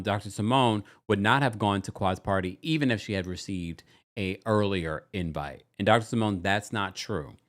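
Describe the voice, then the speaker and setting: A man hosting a casual livestream recap, chatty and animated, often breaking into exaggerated quotes of the people he talks about. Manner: animated, chatty, slips into quoting people in exaggerated high voices. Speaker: podcast host recapping a reality show.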